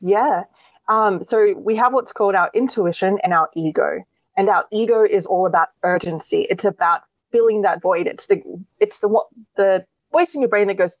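A woman's voice: mid-range voice, moderate pace, no echo, rough recording. A woman, a guest expert earnestly explaining in a conversational interview, often restarting her sentences.

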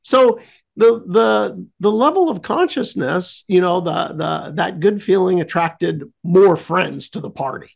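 A man telling a casual story as a radio show guest, rambling with many fillers and restarts, animated at the fun parts. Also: sits high, a little slow, vocal fry.

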